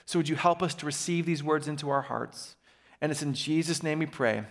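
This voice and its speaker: Animated pastor preaching in a reverberant church. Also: male voice, a little high, a little fast. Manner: animated, calls for audience response. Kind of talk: sermon. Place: church sanctuary. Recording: long hall reverb.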